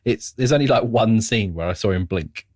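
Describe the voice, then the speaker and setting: Brief: animated male co-host, lowish pitch, chatty film review, dry close mic. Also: normal speed, dry recording. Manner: chatty, laughs along while recalling favorite bits. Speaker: podcast co-host. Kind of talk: casual film review chat.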